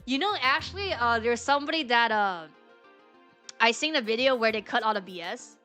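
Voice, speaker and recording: A woman's voice: a little high, animated, a little fast, sharp tone, faint music behind. A woman streaming a game, reading its dialogue aloud and chatting in a rambling, filler-heavy way, laughing often. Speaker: VTuber streamer.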